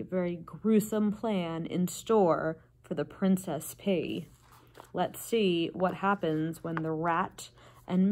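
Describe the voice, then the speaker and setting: A woman librarian reading a chapter book aloud to children with an expressive, dramatic delivery. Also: lowish voice. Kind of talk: storybook read-aloud.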